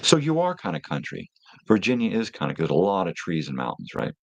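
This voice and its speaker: Middle-aged male stream host, very low and raspy, dry close mic, loose rambling slangy chat with viewers. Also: wildly swooping pitch, fairly quick, dry recording. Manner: rambling, laid-back slang.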